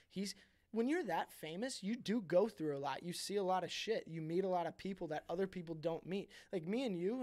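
A man's voice: a little high, darkish tone. A man hosting a podcast in casual chat, rambling and swearing freely, full of "like" and restarts. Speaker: podcast host.

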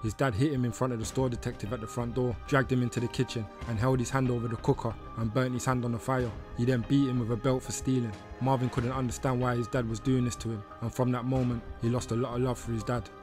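A man narrating a documentary in a steady, scripted read. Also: mid-range voice, quick pace, hardly any pauses. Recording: narration over faint music.

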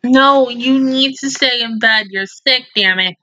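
Bright, emotional young woman reacting. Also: fairly high pitch, unhurried, no room sound, highs cut off. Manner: emotional, exclaiming, talking to the screen. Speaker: anime reaction host. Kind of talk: casual reaction commentary.

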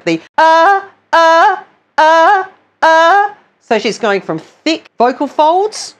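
A woman vocal coach giving a singing lesson, explaining technique patiently and step by step. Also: mid-range voice. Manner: patient, explanatory, demonstrates sounds between explanations.

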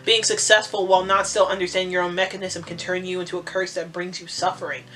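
A woman reading out the lines of a pompous male coach lecturing young players, in a flat read-aloud tone. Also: lowish voice, fast talker, faint music behind, natural voice.

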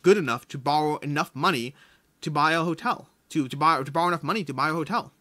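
A man's voice: on the high side, quick pace, sharp tone. A man voicing an exasperated female bank loan officer in a told joke, incredulous and questioning.

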